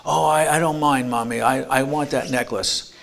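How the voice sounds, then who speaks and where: A man's voice: medium pitch, steady tone, normal speed, creaky, fairly bright tone. A man voicing an eager five-year-old girl who stammers as she pleads for a necklace. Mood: pleading.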